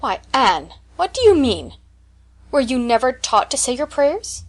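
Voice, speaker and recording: A stern, stiff elderly spinster with a firm, scolding delivery, as a woman narrator plays her. The tone stays proper and clipped, with a clear storybook reading quality. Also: fairly high pitch, normal speed, close to an everyday voice. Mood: shocked. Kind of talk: audiobook character reading.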